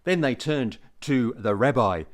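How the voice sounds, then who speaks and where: A man's voice: medium pitch, measured pace. A man in his sixties with an Australian accent, telling dad jokes and chuckling at them. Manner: chuckles at own jokes, animated delivery. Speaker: joke teller. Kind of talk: recorded dad-joke telling.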